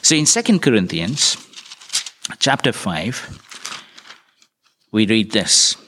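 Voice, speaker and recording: A man's voice: on the low side, very animated, slow pace, a bit bright. A man preaching a sermon, retelling a parable and putting earnest, searching questions to his listeners.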